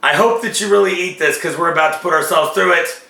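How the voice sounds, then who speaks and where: A man hosting a casual food-tasting show, joking and reacting in a drawn-out, animated way. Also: fairly high pitch, vocal fry, background noise. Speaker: show host. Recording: echoey room.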